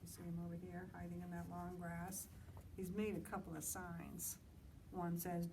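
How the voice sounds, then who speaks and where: A woman librarian reading a picture book to children outdoors, pausing for chatty asides and questions. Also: lowish voice, level tone, a little mellow, distant mic, slight background noise, rough recording. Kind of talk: outdoor story time reading.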